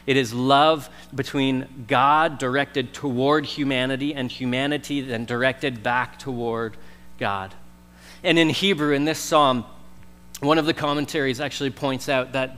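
Man preaching, conversational, bright tone, long church echo. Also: medium pitch. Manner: conversational preaching, swings from loud emphasis to soft slow stress. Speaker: pastor. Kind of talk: sermon. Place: church sanctuary.

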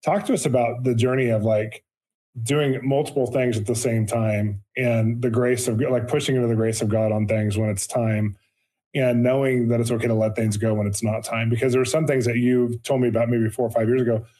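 A man's voice: mid-range voice, fairly even intonation, a little fast, mellow. A man co-hosting an interview, asking long, meandering questions in a casual way. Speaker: podcast co-host.

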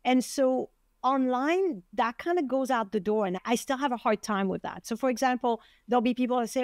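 A woman's voice: on the high side, brisk, darkish tone, no room sound. A middle-aged woman with a French accent, hosting a casual podcast chat and animatedly acting out the voices she quotes. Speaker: podcast host, acupuncturist.

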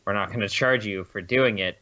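A young man co-hosting a podcast, giving opinions in a rambling, halting way full of restarts. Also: lowish voice, sharp tone. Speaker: podcast co-host. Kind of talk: casual chat. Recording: dull lo-fi mic.

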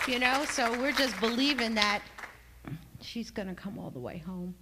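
A middle-aged woman sharing an emotional personal testimony in a church class, rambling and halting, with many fillers and restarts. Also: mid-range voice, expressive, very noisy. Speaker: class member giving a testimony.

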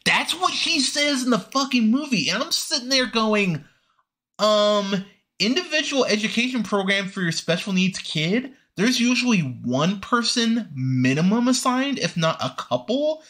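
A man's voice: high voice, sing-song, a little slow, sharp tone. A young man hosting a movie review podcast, ranting with sarcasm and profanity about a film he disliked.

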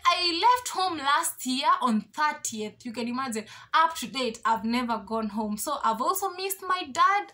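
A young woman talking to her channel in an excited, gushing vlog, repeating herself and thanking everyone. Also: high-pitched. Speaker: YouTuber. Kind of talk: excited casual vlog talk.

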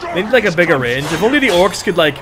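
Excitable high-voiced male streamer. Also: fast, noisy background. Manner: excitable, swears freely, shouts at the game. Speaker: livestreamer. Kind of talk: casual gameplay commentary.

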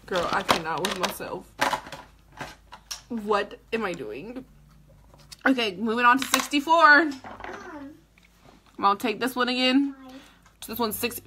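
A woman's voice: fairly high pitch, expressive, measured pace, pauses often, background noise. A woman who is a mother, vlogging live in a casual, dramatic way with squeals, laughter and cursing. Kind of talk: casual livestream chat.

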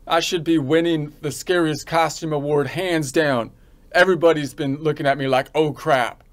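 A man's voice: on the high side, steady tone, normal speed. Rambling man practicing a silly joke. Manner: rambling, repeats and restarts, mock-serious. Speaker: accounting instructor practicing a joke. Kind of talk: deadpan stand-up joke practice.

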